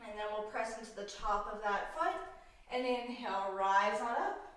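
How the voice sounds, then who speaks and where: A woman leading a vinyasa yoga class, calmly cueing breaths and poses with a playful aside now and then. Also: medium pitch, moderate pace, far from the mic. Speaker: yoga instructor. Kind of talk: guided yoga class instruction. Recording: roomy echo, voice from off mic.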